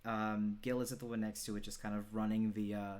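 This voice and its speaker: A woman's voice: extremely low pitch, little pitch movement, a little fast, a little mellow. A woman narrating a tabletop game as game master, casually and with many ums and restarts. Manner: hesitant, filler-heavy narration.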